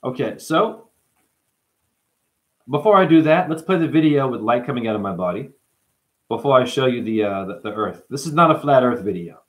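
A man's voice: medium pitch, animated, moderate pace, long pauses. A man hosting a livestream, casually reading out chat comments and joking with viewers by name. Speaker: livestream host.

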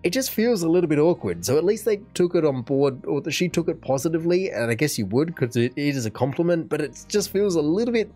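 A man's voice: on the high side, very animated, fast, few pauses, dark tone, faint music behind. A young Australian man hosting a reaction video, thinking aloud in a rambling way with many restarts. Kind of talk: casual reaction commentary.

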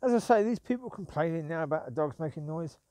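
Walking his dogs outside at night, a vlogger rambles and grumbles, repeating himself as he goes. His voice is on the high side, expressive, and warm, at a quick pace, in a dry recording.

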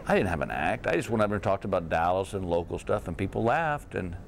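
A man's voice: low voice, quick pace, gravelly, a little hiss or hum. A middle-aged man from Texas, a comedian telling stories in a casual interview and laughing through them. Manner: animated, laughs through his own stories. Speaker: comedian guest. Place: hotel room.

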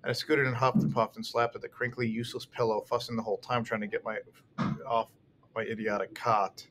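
A man's voice: fairly low pitch, a little fast, slight background noise. Man narrating a first-person audiobook. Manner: expressive storytelling with occasional restarts. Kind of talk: first-person novel reading.

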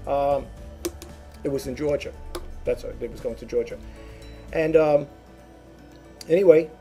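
A man's voice: medium pitch, measured pace, mellow, soft background music. A man who resells online, chatting casually to his viewers, rambling and repeating words as he goes. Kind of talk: casual talk to camera.

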